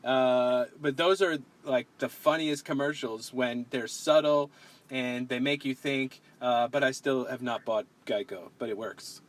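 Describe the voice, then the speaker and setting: A man's voice: mid-range voice, a little slow, rough recording. A man hosting a casual podcast chat, rambling with frequent restarts and pushing back on his guest. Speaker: podcast host.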